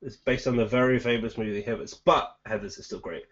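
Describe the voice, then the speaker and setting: A man's voice: mid-range voice, steady tone, brisk. A young man co-hosting a casual chat, meandering and hedging as he talks. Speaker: podcast co-host. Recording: lo-fi muffled audio.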